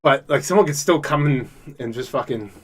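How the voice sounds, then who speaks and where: In a casual podcast chat, a male co-host with a mid-range voice talks a little fast while telling a rambling, profane story. When he gets excited, he turns loud and laughs.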